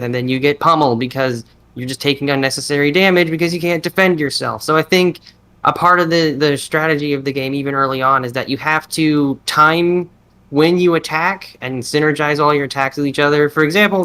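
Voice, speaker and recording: Rambling bright-voiced man. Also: on the high side, a little fast. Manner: rambling, self-interrupting; restarts sentences, many fillers. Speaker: podcast co-host. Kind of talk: casual chat.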